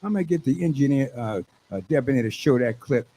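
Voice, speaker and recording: An older man, a radio station manager hosting his talk show, hyping an event with exuberant, preachy shouts. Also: mid-range voice, fast talker. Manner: exuberant, preachy call-and-response, shouts when excited. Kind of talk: hyped radio promo talk.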